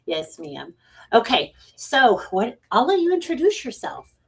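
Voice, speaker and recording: A woman's voice: on the high side, huge pitch swings, unhurried, vocal fry, slight background noise. A woman hosting a casual livestream as a psychic medium, playful and teasing, with the odd swear word. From United States.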